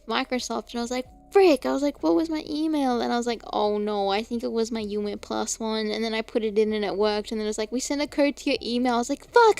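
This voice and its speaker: A woman's voice: fairly high pitch, smooth. A young woman streaming, chatting casually about games, laughing often and swearing now and then. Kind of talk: casual chat.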